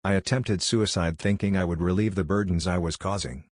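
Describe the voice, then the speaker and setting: A man narrating online stories aloud in a steady, even reading voice. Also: low-pitched, fairly quick, dry recording, clean studio sound.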